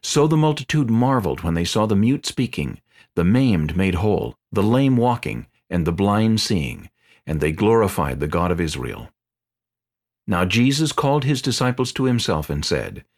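Low-voiced man narrating scripture. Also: normal speed. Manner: clear, steady reading.

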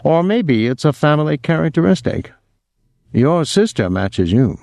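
A man's voice: fairly high pitch, sing-song, a little slow, gravelly, darkish tone, no room sound, studio quality, pitched above the performer's own voice, full character voice. A man voicing a wealthy, condescending older host with polished, affected speech, in an audiobook reading. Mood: urbane. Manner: polished, affected, faintly pompous. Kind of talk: audiobook character voice.

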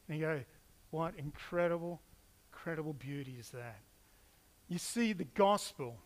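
Male pastor, higher voice, lively storyteller who acts out quotes. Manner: animated storytelling, acts out quotes with playful asides. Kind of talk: sermon.

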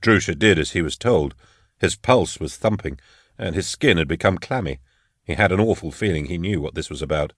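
A man narrates an audiobook with a deep, low voice. His reading is measured and even. The recording is close and dry, with no room sound. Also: dry recording.

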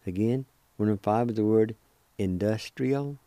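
A man's voice: fairly low pitch, measured pace, mellow, no room sound. A man hosting a radio language lesson, patiently spelling words letter by letter and repeating each pronunciation. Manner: politely encouraging. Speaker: radio host teaching vocabulary. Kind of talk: slow, patient vocabulary lesson.

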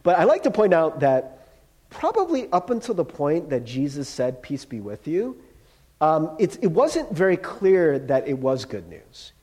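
Guy pastor giving a chatty sermon, voice jumps around a lot, pretty high. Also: huge pitch swings, a little slow, darkish tone. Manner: conversational storytelling with humor and acted quotes.

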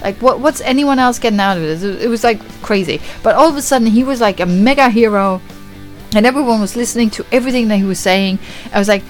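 Woman podcast host, mid-pitch, chatty and profane, retells film scenes with animated reactions. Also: quick pace, soft background music. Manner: swearing, lively retelling with acted-out reactions. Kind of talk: casual film review chat.

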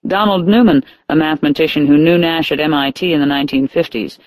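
Male audiobook narrator, measured and even delivery, slightly higher voice. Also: no room sound, rough recording. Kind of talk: scripted narration.

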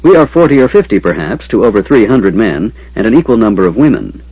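A man voicing a wary reptilian soldier captain in an audiobook, speaking quickly in a raised, urgent voice. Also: lowish voice, big pitch swings, husky, no room sound, heavily acted. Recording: dull lo-fi.

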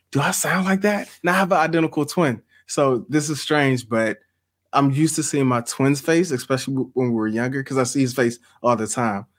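Man, middle-aged, casual host chat, laughs often, talks to the audience directly. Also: mid-range voice. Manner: storytelling, laughs often, addresses audience as y'all. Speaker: podcast host and author.

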